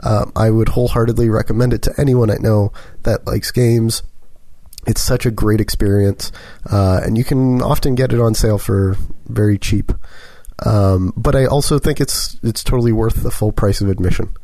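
A sick man chatting on a podcast, giving his thoughts with dry, deadpan humor. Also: on the low side, moderate pace, dry recording. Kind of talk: casual chat.

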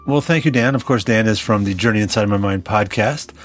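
A man's voice: lowish voice, a little fast, faint music behind. A man hosting his podcast in a chatty, rambling, joking way. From Canada. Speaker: podcast host. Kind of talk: casual podcast chat.

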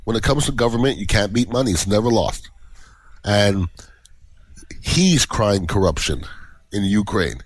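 A man's voice: on the low side, lively intonation, a little slow, pauses often, breathy edge, dry recording, poor audio. A male podcast host delivering a blunt, opinionated monologue full of rhetorical questions.

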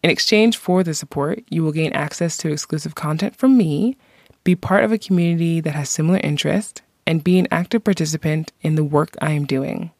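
A woman in her thirties hosting a podcast, reading a scripted segment in a friendly, measured way on a close mic. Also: deep voice, a little mellow, no echo. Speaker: podcast host.

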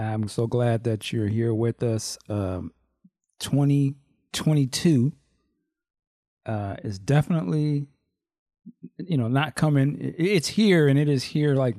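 Male co-host, warm low tone, reflective and supportive, dry recording. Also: no room sound. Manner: supportive, reflective, loose with fillers. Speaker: podcast co-host. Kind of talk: casual chat.

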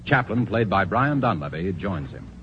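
A man announcing a radio program in a formal scripted style, crisp and declamatory. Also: deep voice, big pitch swings, moderate pace. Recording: tinny 1940s radio broadcast with music.

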